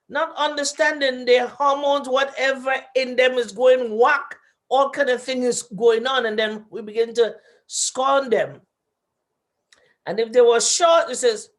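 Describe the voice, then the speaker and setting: A woman's voice: high voice, measured pace. A woman, a radio guest talking and acting out quoted voices as she tells stories. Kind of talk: radio talk show discussion.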